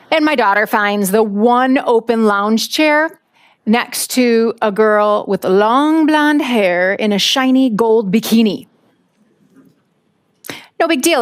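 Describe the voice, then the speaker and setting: A woman, around her forties, from the United States, telling a personal story in a talk with lively acted-out moments. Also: a little high. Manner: lively storyteller, acts out voices. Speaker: speaker.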